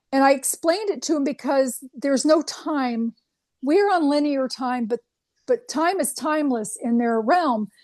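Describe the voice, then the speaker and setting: Brief: woman guest, bright high voice, lively anecdote-teller, dry recording. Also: dry recording. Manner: animated anecdote with acted quotes. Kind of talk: storytelling in an interview.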